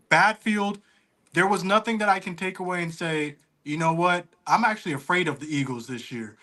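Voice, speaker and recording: A man's voice: high-pitched, bright, forceful tone. A man on a casual sports panel over a video call, making blunt, provocative takes.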